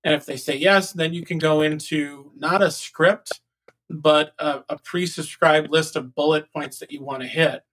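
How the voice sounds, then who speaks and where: A man's voice: a little high, fairly even intonation, moderate pace, a bit bright, a little hiss or hum, rough recording. A man co-hosting a podcast who coaches sales, talking casually and acting out phone calls with animation.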